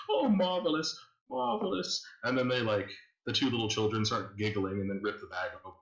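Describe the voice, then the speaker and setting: A man's voice: fairly low pitch, fairly bright tone, highs cut off. A man narrating a tabletop game as game master, casual and full of fillers. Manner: casual, filler-heavy storytelling. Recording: echoey room.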